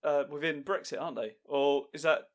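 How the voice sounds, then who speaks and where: A man's voice: fairly high pitch, brisk. A man hosting a casual podcast chat, easygoing and a bit rambling when he explains things. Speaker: podcast host.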